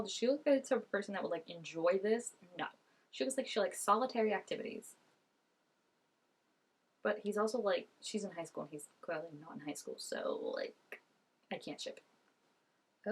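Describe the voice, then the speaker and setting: A woman's voice: medium pitch, husky. A woman chatting and giggling through a TV episode, talking back to the characters on screen. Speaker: vlogger reacting to a TV episode. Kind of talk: casual reaction commentary.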